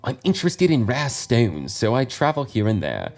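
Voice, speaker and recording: Picture a polite, slightly stiff gentleman from a video game who speaks in an earnest put-on British accent, as an American player reads him aloud. His manner is courteous and a little formal, and the accent is clearly an amateur attempt. Faint game music plays underneath. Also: medium pitch, huge pitch swings, moderate pace. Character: polite male rock-collecting trainer, adult.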